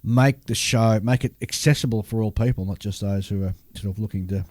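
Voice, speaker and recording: A man's voice: lowish voice, a little fast, darkish tone, a little hiss or hum. An Australian man co-hosting a casual podcast, rambling through listener mail with fillers and laughter. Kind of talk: casual chat.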